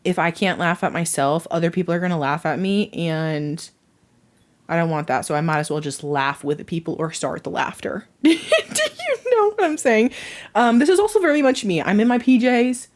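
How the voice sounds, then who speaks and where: A woman's voice: low-pitched, normal speed. A woman hosting her own podcast from home, chatting casually, rambling and laughing at her own jokes. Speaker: podcast host. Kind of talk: casual chat.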